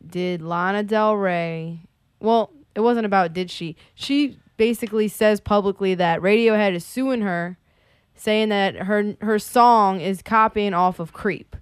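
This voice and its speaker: A woman's voice: mid-range voice, smooth, dry recording. A woman co-hosting a casual talk show, blunt and argumentative, swearing freely. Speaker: podcast co-host. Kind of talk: casual radio-show banter.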